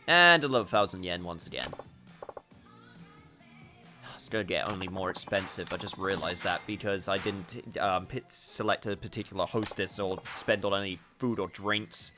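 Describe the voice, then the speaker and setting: A man's voice: low-pitched, moderate pace, soft background music. A man hosting a let's play, joking about his own bad accents in casual gameplay commentary. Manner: animated, joking, self-deprecating.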